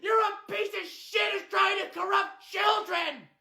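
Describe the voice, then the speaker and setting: A man voicing a furious middle-aged mother who shouts her complaints in a shrill voice. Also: fairly even intonation, unhurried, vocal fry, roomy sound, exaggerated voice. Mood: outraged.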